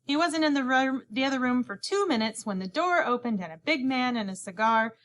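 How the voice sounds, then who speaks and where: Her voice is high-pitched and bright, with lively intonation and a brisk pace, as this audiobook narrator reads from a children's novel. She takes the first-person role of a young boy and acts out all the other characters' lines in scripted narration.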